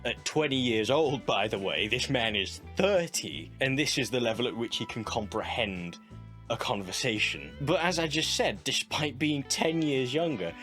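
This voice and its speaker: A man's voice: mid-range voice, expressive, moderate pace, a bit bright, soft background music. A British man hosting a reaction commentary, sarcastic and prone to wandering off on tangents. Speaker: commentary host.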